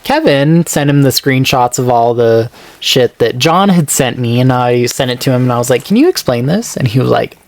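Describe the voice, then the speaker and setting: A man's voice: normal speed, no room sound. Podcast guy rambling thru a story, lots of likes, dry close sound. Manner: rambling, filler-heavy, acts out quoted texts in a higher voice. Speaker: podcast co-host. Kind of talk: casual storytelling chat.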